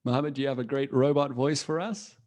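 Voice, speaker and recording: A man's voice: medium pitch, fairly even intonation, fairly quick, a little mellow. A man teaching children in a live online class over a video call. He sounds friendly and encouraging, laughs often and talks casually with restarts.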